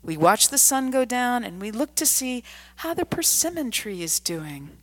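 Woman as a kindly elderly gentleman, lilting, gentle, delighted storybook voice. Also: on the high side, very animated, normal speed, pitched above the performer's own voice, poor audio. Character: tiny cheerful elderly Japanese gentleman, kindly.

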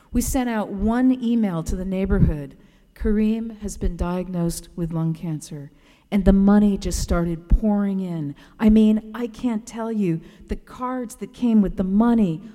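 A woman reading a personal essay aloud in a gentle, reflective storytelling way. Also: mid-range voice, big-room sound. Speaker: narrator.

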